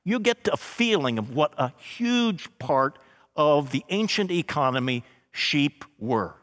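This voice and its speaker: A man preaching a sermon, slow and emphatic, with dramatic pauses and scripture read aloud. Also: on the high side, big pitch swings, fairly bright tone, in a large hall. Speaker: pastor.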